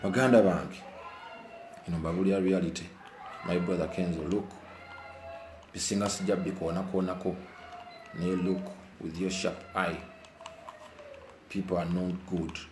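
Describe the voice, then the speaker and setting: A Ugandan vlogger speaks indoors during rain, giving emotional live commentary in a blend of Luganda and English and repeating phrases with passion. His low voice has a flat delivery at a moderate pace, with frequent pauses. The sound is reverberant, with background noise.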